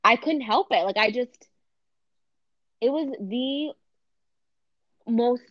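A young woman co-hosting a casual chat, talking in a chatty, animated way and swearing casually. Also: a little high, takes it slowly, no room sound, dull audio.

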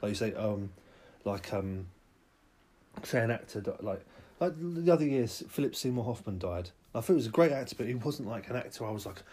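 A man's voice: fairly low pitch, animated, a little fast. Sweary man ranting comically. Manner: sweary, rambling, bursts into shouting. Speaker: podcast host.

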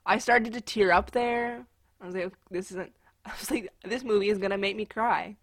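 A woman's voice: medium pitch, moderate pace, no echo. A woman chatting casually about a movie, full of fillers and wry asides.

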